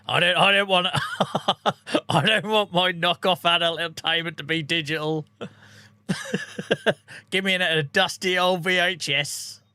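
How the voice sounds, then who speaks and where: A man's voice: sits high, steady tone, slow, pauses often, pushed and bright, clean tone, dry recording. A man chatting casually on a live game stream, bantering, laughing often and answering viewers' messages. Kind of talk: casual live-stream chat over gameplay.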